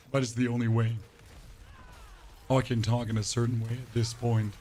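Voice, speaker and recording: A man streaming a game live and chatting to his viewers while playing, his voice pushed deeper and hoarse, with little emphasis. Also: little pitch movement, normal speed, a little mellow, slight background noise. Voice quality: voice pushed deeper than usual, less emphasis. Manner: chatty, rambling, talks to chat while playing. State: voice sounds off, hoarse. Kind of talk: live gameplay commentary to chat.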